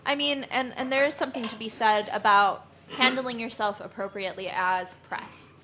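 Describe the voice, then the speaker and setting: A woman co-hosting a casual podcast chat, speaking in an earnest, measured way. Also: a little high, slight background noise. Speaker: podcast co-host.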